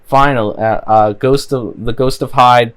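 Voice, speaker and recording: A man's voice: mid-range voice, fairly even intonation, a little slow, a bit bright. A man casually recapping a cartoon episode, rambling with frequent fillers and restarts. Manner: rambling, many "you know" fillers. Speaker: show reviewer.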